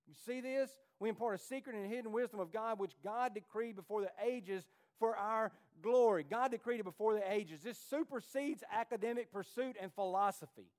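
A high-pitched man preaches a sermon as a church's pastor, speaking at a moderate pace with few pauses. Pleading and impassioned, his voice swings between hushed tones and rising intensity.

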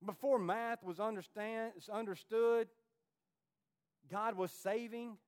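Male pastor with a high voice, preaching a fervent, pleading sermon. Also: fairly even intonation, slow pace, clear, resonant tone. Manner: impassioned preaching, pleading then rising. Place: church.

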